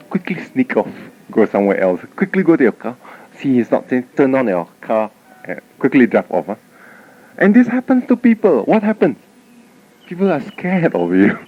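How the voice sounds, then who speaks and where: A man giving a Buddhist dharma talk, telling stories animatedly and often tagging lines with "huh?". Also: medium pitch. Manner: animated storytelling, frequent "huh?" tag questions. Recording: dull lo-fi 1989 tape recording.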